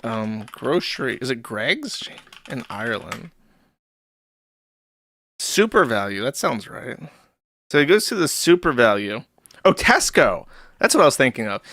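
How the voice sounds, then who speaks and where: A man's voice: mid-range voice, pushed and bright, no echo, studio quality. A man hosting a livestream, giving sarcastic, mocking commentary and swearing freely. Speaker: livestream host.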